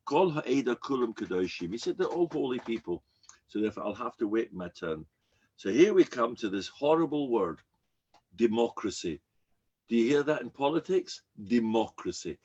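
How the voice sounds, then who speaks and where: An older man, a rabbi, giving an emphatic, animated sermon with frequent repetitions. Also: mid-range voice, breathy edge, muffled recording.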